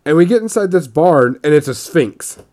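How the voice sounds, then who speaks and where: A man's voice: fairly high pitch, expressive, normal speed, a little mellow. A man casually telling a tabletop gaming story, rambling with frequent restarts and quoted voices.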